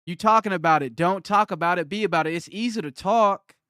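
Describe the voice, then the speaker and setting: A man streaming live who fires back at his chat, combative and mocking, repeating himself for emphasis. His voice sits high for a man, with a smooth, clean tone. The sound is dry and close. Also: a little fast, fairly bright tone, no echo. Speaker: livestreamer. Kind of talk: livestream rant answering chat.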